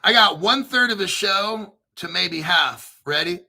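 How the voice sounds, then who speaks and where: A man's voice: sits high, expressive, measured pace, vocal fry, pushed and bright, slightly rough. A man hosting a crypto livestream, talking in a blunt, profane, rambling way and reading viewer chat aloud. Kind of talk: casual livestream commentary.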